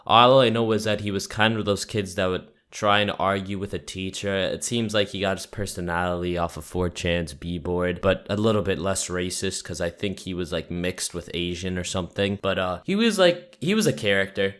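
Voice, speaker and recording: Deep-voiced young man rambling through stories. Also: normal speed, few pauses, fairly bright tone, clean tone. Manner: rambling, profane, full of "like" fillers. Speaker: YouTuber. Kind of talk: casual storytelling vlog.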